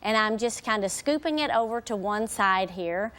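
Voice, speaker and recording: A woman's voice: medium pitch, lively intonation, moderate pace, fairly bright tone. A woman hairstylist guest on a daytime TV show, explaining casually with lots of "you know" and "kinda", heard from worn old videotape. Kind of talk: TV guest demonstration.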